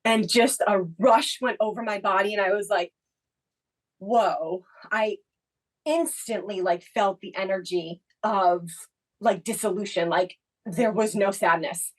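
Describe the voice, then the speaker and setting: A woman's voice: mid-range voice, a little slow, low-quality recording. A woman co-hosting a podcast, telling a personal story in casual chat, reflective and full of the filler "like". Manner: reflective, leans heavily on the filler "like". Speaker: podcast co-host.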